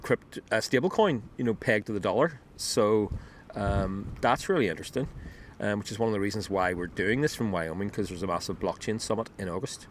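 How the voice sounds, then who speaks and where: Man with a lower voice, relaxed rambling demo delivery full of restarts, outdoors on a clip-on mic. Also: brisk, slight background noise. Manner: rambling, many ums and restarts. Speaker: app builder demoing his work. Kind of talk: casual screen demo talk. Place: outdoors on a beach. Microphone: wireless clip-on mic.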